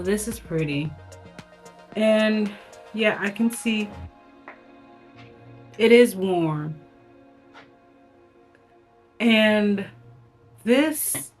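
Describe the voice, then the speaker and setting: A woman's voice: mid-range voice, a bit bright. A woman beauty vlogger giving a casual, enthusiastic product review, chatting directly to her viewers.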